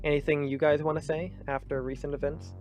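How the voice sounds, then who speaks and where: A man's voice: on the high side, level tone, brisk, a little mellow, highs cut off, soft background music. A man narrating a tabletop game as game master, in a loose, filler-heavy way.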